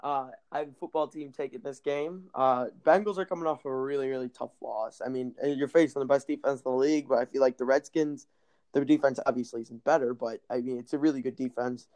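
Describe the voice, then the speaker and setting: Chill young dude on a sports podcast, smooth clear voice, keeps going "i feel like". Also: male voice, mid-range voice, steady tone, quick pace, darkish tone. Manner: laid-back, hesitant, repeats "I feel like". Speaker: podcast co-host. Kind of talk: casual sports chat.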